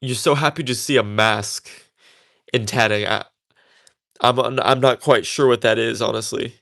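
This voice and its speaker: A man's voice: medium pitch, moderate pace, gravelly, a bit bright. A young man talking casually about his craft while he works, chatty and a bit defiant, with many fillers and restarts. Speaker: tatting creator.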